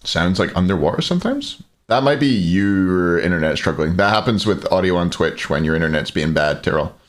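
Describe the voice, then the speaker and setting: A man with a lowish voice calls the picks on a live esports stream and jokes with his chat as he goes. His delivery swings around a lot in pitch. The whole thing sounds easygoing and casual. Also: expressive, fairly quick. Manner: joking, chatty banter with chat. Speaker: esports caster and stream host.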